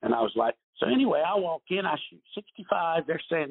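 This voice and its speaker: A man's voice: high-pitched, sing-song, a little fast, vocal fry, hardly any pauses, slightly rough. An older man telling rambling golf stories in a podcast interview, with many restarts, heard over a phone line. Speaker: golf pro guest.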